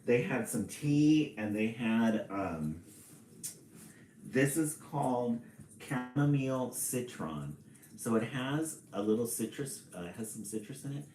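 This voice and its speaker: Slow, easygoing man reading aloud. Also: medium pitch, echoey room, rough recording. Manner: slow, relaxed, chatty with small laughs. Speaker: storybook reader on a live stream. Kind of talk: reading aloud and chatting with viewers.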